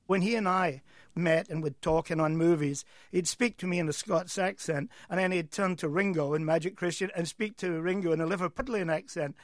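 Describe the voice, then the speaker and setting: A high-voiced man speaks as a film director, telling anecdotes in a dry, close recording. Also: fairly quick, no room sound. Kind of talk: interview.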